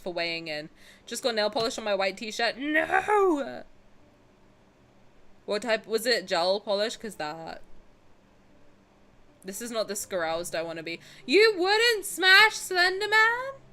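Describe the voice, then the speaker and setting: A young woman streamer chatting casually with her viewers on a headset, cheeky and animated, swearing and laughing freely. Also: medium pitch, moderate pace. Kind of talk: casual live-stream chat. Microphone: headset with headphones.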